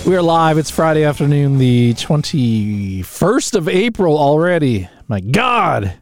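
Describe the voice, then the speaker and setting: Guy hosting a radio talk show, kinda high voice, rambly and jokey, dry studio sound. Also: big pitch swings, a little slow, no room sound, faint music behind. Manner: rambling, self-mocking, chuckles often. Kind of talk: casual chat.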